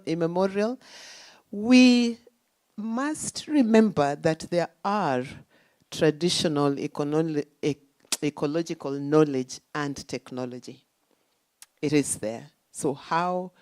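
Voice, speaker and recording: A woman speaking at a symposium, giving a deliberate academic talk with emphatic points and rhetorical questions. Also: deep voice, darkish tone, no echo. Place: conference venue.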